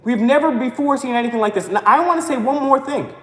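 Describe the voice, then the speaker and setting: High-pitched woman ranting in an echoey room. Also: fast. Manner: fiery, ranting, often shouting. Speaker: live stream co-host. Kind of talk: impassioned political rant on a live stream. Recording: echoey room with long reverb.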